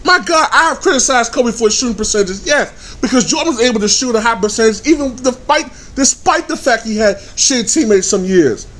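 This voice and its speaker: A man in his thirties with a high voice that leaps all over the place as he rants. He swears constantly and bursts into angry shouts. This is a fired-up, unscripted vlog tirade. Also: expressive, brisk, hardly any pauses. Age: 30s. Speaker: sports vlogger. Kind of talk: heated profane rant.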